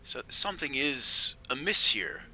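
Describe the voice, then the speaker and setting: A man's voice: medium pitch, very animated, a little slow, slight background noise, pitched above the performer's own voice, heavily acted, poor audio. A man voicing a frustrated, hungry male prisoner who stammers and keeps raising his voice. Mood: suspicious. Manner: stammering, repeats words, voice jumps up and gets louder.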